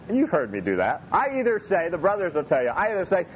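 Folksy pastor: man with a high, lively voice, repeats himself, faint low rumble. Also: quick pace, hardly any pauses, dull audio. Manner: folksy, animated, repeats phrases. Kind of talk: sermon.

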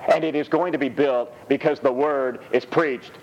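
A man preaching a sermon in a church, reading scripture with animated, rising delivery. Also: moderate pace, muffled recording. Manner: animated, rises high when reading scripture.

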